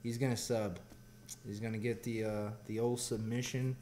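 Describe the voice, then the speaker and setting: A man's voice: lowish voice, level tone, normal speed, mellow. Southern guy, laid back, lots of uh and you know, faint hiss. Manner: laid-back, rambling with fillers. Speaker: guest fighter. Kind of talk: casual interview chat.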